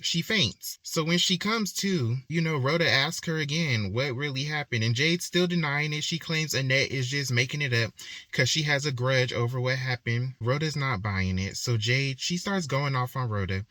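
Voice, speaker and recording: A young man recaps a novel in a loose, chatty way, slipping into the characters' lines as he goes. His voice is bright and a little tense. The sound is dry and close, with no room echo. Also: medium pitch, normal speed. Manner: chatty, colloquial, acts out quotes. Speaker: book reviewer. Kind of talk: casual book recap.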